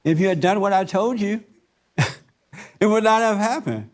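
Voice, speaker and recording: A stern old farmer granddad brushes off a crying boy in a gruff, raised voice, as a man acts him out. He speaks flatly and without sympathy. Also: high-pitched, moderate pace, pitched above the performer's own voice, lightly acted. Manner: gruff, dismissive.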